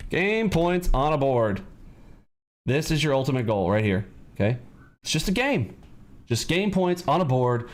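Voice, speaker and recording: A man coaching day traders in a live lesson, emphatic and preachy, driving points home with repeated "okay?" and "you got it?", his voice swinging from low to high. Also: sing-song, measured pace, pauses often. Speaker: trading coach. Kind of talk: livestream trading lesson.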